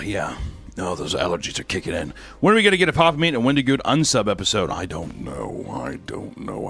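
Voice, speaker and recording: A man's voice: medium pitch, a bit bright. Joking, crude male streamer. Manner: crude, joking, sarcastic asides. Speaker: streamer reading fan messages. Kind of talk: casual chat.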